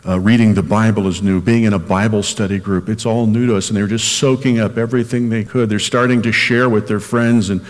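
Recorded for radio in a space with long hall reverb, this sermon comes from a man who is a senior minister, and he lifts sharply in emphasis on key phrases. His pitch is fairly low and a little mellow.

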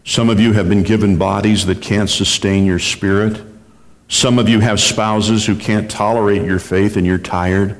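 A man preaching a sermon in an earnest, measured way, reading long quotations aloud. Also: lowish voice, fairly even intonation. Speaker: pastor. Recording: reverberant hall.

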